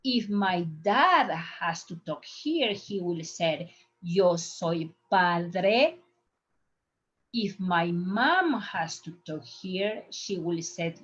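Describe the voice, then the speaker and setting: Slow, patient woman teaching Spanish. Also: mid-range voice, slightly rough, highs cut off. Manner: slow, patient, repeats words for drill. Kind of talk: online language lesson with slides.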